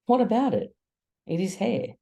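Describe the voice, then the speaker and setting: A reader voicing a strange grey girl who speaks in blunt, broken, childlike phrases, pitched above the reader's own voice. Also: sing-song, normal speed, gravelly, mellow. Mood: stilted.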